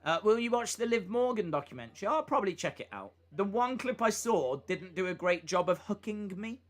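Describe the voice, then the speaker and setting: A man hosts a live reaction stream and talks in a casual, rambling way. His voice sits a little high and swings widely in pitch. He drifts between asides and quick calls of the action. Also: very animated, a bit bright. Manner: rambling, chatty, with lots of fillers and asides.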